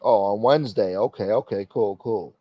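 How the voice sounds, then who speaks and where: A man's voice: on the low side, normal speed, dry recording, lo-fi sound. A man hosting a casual livestream, reading out chat and rambling crudely with lots of swearing.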